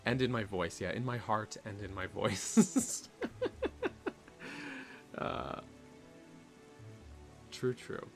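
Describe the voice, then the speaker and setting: A man's voice: on the low side, very slow, creaky, long pauses, a bit bright, soft background music. A man streaming a video game, chatting casually with viewers and joking along.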